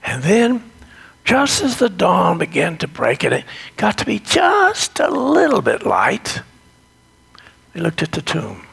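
Gravelly, unhurried male storyteller. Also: high voice, wildly swooping pitch, a bit bright. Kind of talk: devotional storytelling.

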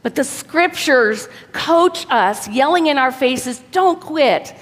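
A woman preacher giving an earnest, exhorting sermon, often dropping soft for emphasis. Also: high voice, expressive, slow pace. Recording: long hall reverb.

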